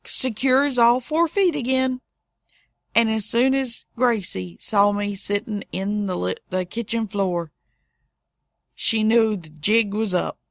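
Slow, wry middle-aged woman storyteller. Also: medium pitch, creaky, no room sound, studio quality. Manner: wry, deadpan asides. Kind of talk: casual anecdote telling.

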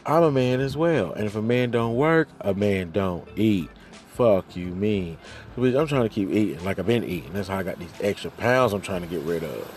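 Heated man venting in a lively voice. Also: moderate pace, slight background noise. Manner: heated, profane, swings loud and high then drops low. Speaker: vlogger ranting to camera. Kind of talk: profane venting monologue.

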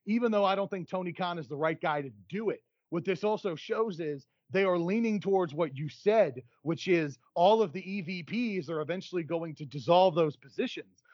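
Man, podcast co-host, energetic casual chat, lo-fi sound. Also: sits high, no echo.

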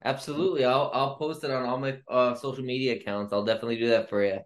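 A man's voice: mid-range voice, steady tone, fast. A man hosting a casual interview, reacting briefly and encouragingly and wrapping up with a friendly sign-off. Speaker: interview host.

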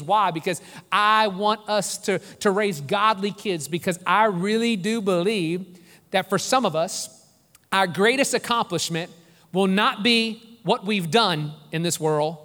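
A man's voice: high voice, a bit bright. A man in his forties, a pastor delivering an earnest, emphatic sermon with repeated phrases. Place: church sanctuary. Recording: echoey hall reverb.

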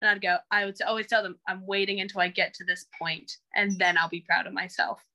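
A woman's voice: medium pitch, flat delivery, brisk, pushed and bright, poor audio. A young woman telling her story to her coach in a casual interview, acting out what she and others said. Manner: chatty, acts out quoted remarks. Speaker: coaching client.

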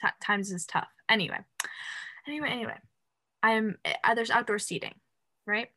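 A young woman co-hosting a podcast tells a story in an animated, casual, rambling way, leaning heavily on "like" and other fillers. Her voice is medium in pitch, at normal speed.

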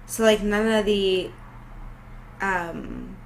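A young woman, co-hosting a podcast in casual, slangy, animated chat. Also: medium pitch, drawn-out words, creaky, a little hiss or hum, rough recording. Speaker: podcast co-host.

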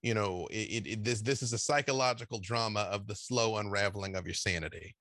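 A man's voice: fairly low pitch, brisk, a bit bright, dry recording. Tired, rambling man on a dry call. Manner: rambling, peppers speech with "you know"; tired after a long day. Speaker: guest game designer. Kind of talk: casual interview talk. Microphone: video call.

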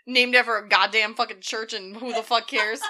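A blunt, sarcastic woman telling a story on a casual podcast. Her voice is bright and sharp and pitched a little high, and she swears freely. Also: fairly even intonation, brisk.

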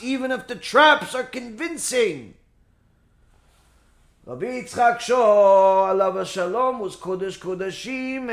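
A man's voice: sits high, a bit bright, reverberant. A man telling a religious story as a sermon, dramatic and acting out scenes with sound effects.

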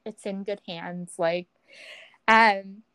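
A young woman co-hosting a podcast, chatting casually and telling an animated story, acting out quoted people with big pitch jumps. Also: takes it slowly, clear, resonant tone, no echo, rough recording. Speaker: podcast co-host. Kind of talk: casual chat.

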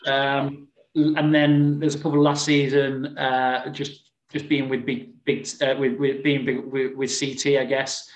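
A man's voice: medium pitch, flat delivery, unhurried, dull audio. A man co-hosting a podcast in casual chat, rambling with many restarts and fillers. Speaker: podcast co-host. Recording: roomy echo.

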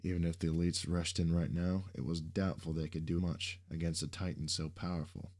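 Deep-voiced man narrating a story. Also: fairly even intonation, a little fast, hardly any pauses, darkish tone. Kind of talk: scripted narration.

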